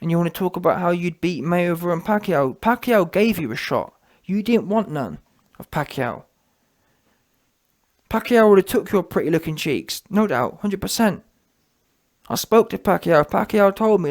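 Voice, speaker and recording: Scornful high-voiced man ranting. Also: moderate pace. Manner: animated, scornful, repetitive. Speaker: boxing commentator. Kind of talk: ranting commentary vlog.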